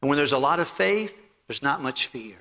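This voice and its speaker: Booming-voiced preacher man in a reverberant hall. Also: animated, moderate pace. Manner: preachy and anecdotal, swings between loud emphasis and soft asides. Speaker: pastor. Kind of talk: sermon. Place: church sanctuary.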